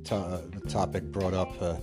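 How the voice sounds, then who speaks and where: A man's voice: low voice, level tone, moderate pace, over loud music. An American man hosting a podcast in casual, rambling talk full of fillers and restarts. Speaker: podcast host.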